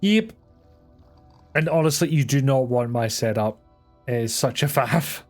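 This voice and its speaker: A man's voice: medium pitch, animated, a little slow, faint music behind. A man hosting a live game stream, joking casually and swearing now and then. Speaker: streamer host. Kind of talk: casual chat while gaming. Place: home streaming setup.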